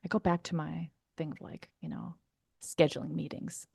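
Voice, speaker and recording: A woman podcast host telling a story in a chatty, animated way, full of fillers. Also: low voice, moderate pace, vocal fry, slightly rough, no room sound, clean studio sound. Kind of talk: casual storytelling.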